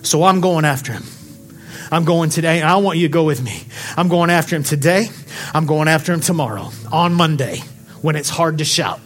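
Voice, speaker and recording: High-pitched, passionate male preacher. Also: fairly quick. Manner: passionate preaching, swings from quiet to shouting; rhetorical questions to the congregation. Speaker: pastor. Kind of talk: sermon. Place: church sanctuary.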